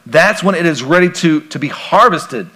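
A pastor delivers a relaxed sermon, firing questions at the congregation and slipping in jokes. His voice sits a little on the high side for a man. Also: moderate pace. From grew up on a farm.

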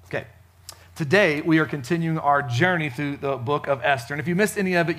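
A man preaching a casual sermon at a church service, chatty and joking, with frequent fillers and lively swings in loudness. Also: a little high. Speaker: pastor.

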